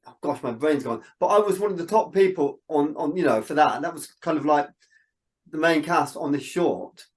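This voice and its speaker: A man, a filmmaker guest in a casual interview, telling animated stories and acting out what people said. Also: fairly high pitch. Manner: animated storyteller, quotes people in dialogue.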